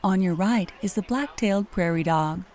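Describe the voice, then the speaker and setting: An actress playing a pre-recorded zoo tour announcer with a formal, informative delivery. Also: female voice, mid-range voice, normal speed, darkish tone, close to an everyday voice.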